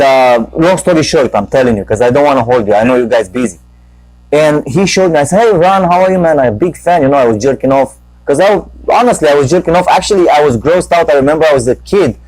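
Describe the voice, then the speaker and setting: On his live talk show, a Romanian-born comedian and host, whose first language is Romanian, rambles through a lengthy, profanity-laden anecdote, restarting often. His voice is a little high with a darkish tone, recorded roughly with no echo.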